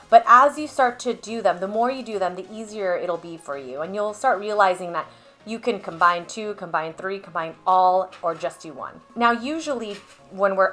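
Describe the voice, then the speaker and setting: A woman speech therapist talks parents through home language tips in a patient, clear, explaining way. Her voice sits at a middle pitch for a woman. Soft music plays faintly behind her. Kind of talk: instructional video talk to parents.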